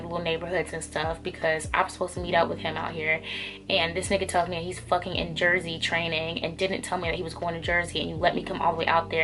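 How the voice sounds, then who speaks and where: A young woman telling a personal story in a casual storytime vlog, candid and profane, full of fillers and quoted dialogue. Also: on the low side. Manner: candid, profane, animated retelling with many fillers.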